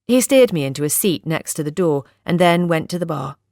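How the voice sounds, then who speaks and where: A woman narrating a first-person novel in a measured, steady reading. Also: low voice, dry recording, studio quality. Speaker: audiobook narrator.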